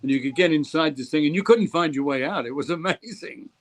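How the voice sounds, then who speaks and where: A man's voice: on the high side, brisk. An older man, a guest actor, tells stories in an interview and acts out the voices of the people he quotes. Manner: animated storyteller who acts out quoted voices. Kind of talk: anecdotal interview storytelling.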